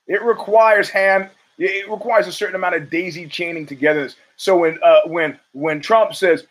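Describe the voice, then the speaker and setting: A male podcast host riffs through a blunt, profane commentary monologue. His voice sits a little high for a man, and he barrels through his opinions. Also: steady tone, moderate pace, hardly any pauses, rough recording.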